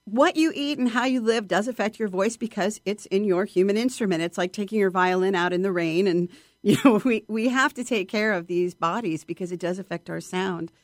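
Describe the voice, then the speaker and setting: Expressive woman voice coach. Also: mid-range voice, brisk, no room sound, clean studio sound. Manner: expressive, acts out voices of students. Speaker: voice coach guest. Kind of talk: casual interview chat.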